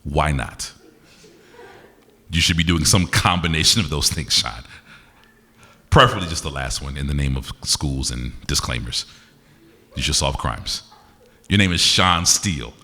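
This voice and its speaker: A deep-voiced man works the crowd at a live show, teasing audience members with quick banter. His tone is bright and forceful, and his voice rings out in a reverberant hall. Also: expressive. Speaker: performance poet. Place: university concert venue.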